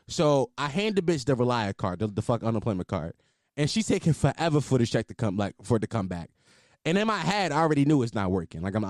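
A man in his twenties telling a story casually, animated and full of profanity. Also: a little high, quick pace, no room sound, studio quality. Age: 20s. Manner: profane, animated, exaggerated outrage.

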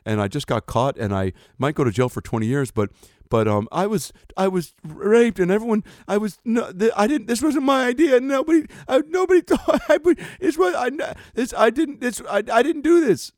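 A woman startup founder forces her voice into a low, businesslike drone and sounds defensive about it, as a man puts her on for laughs. The sound is dry, with no room around it. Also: animated, moderate pace, darkish tone, no room sound. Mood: frantic. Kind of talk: comedic impression.

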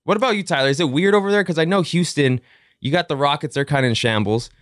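A man hosting a casual sports podcast, energetic and upbeat, with a sing-song lilt when he opens the show. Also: fairly high pitch, fast talker, dry recording, studio quality. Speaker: podcast host.

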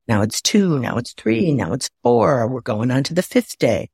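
A woman from the Midwest of the United States, a guest on a video call, telling lively anecdotes and acting out her own inner voice. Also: a bass voice, normal speed, vocal fry, few pauses, husky, no echo, studio quality. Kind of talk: conversational storytelling. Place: home, indoors.

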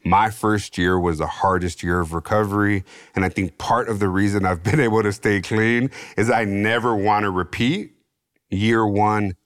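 A middle-aged man with a Chicano English accent, a podcast guest telling his recovery story in streetwise slang, animated and slipping into other people's voices. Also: lowish voice, normal speed, no echo, studio quality. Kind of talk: casual storytelling interview.

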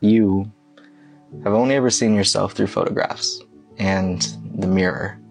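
Low-voiced man narrating gently over music. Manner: gentle, earnest. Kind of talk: scripted inspirational narration.

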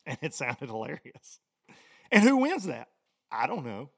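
A man's voice: mid-range voice, huge pitch swings, a little slow, creaky, breathy edge. A middle-aged man from the States, hosting a podcast in a rambling, joking rant and laughing often. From Southern United States. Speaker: podcast host.

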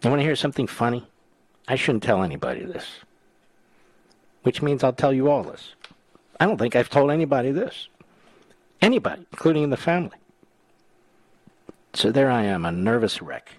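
Talk radio host, man in his 60s, lively teasing delivery, dry studio sound. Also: medium pitch, moderate pace, pauses often, no room sound. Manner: animated, teasing, chatty. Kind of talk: talk radio chat and monologue. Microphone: studio mic.

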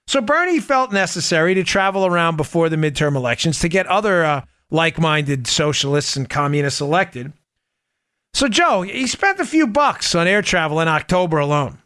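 A man hosts a political podcast in a bright, high voice. His delivery is animated and sarcastic, and he often slips into mocking impressions. The sound is dry and close, with no room echo. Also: moderate pace. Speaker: podcast host. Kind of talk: political commentary monologue.

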